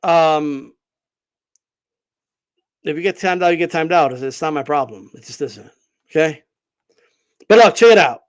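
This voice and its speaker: A man's voice: on the high side, unhurried, pauses often, clear, resonant tone. A man hosting a boxing show, ranting brashly and profanely in a casual livestream style. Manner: brash, profane, mocks commenters in put-on voices. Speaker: boxing channel host. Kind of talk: animated livestream rant.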